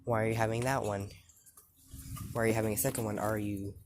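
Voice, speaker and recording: A man voicing an angry teenage boy hero in a casually retold fan story, speaking in halting, repeated phrases. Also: fairly low pitch, little pitch movement, background noise, lightly acted. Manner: halting, repeats words while threatening.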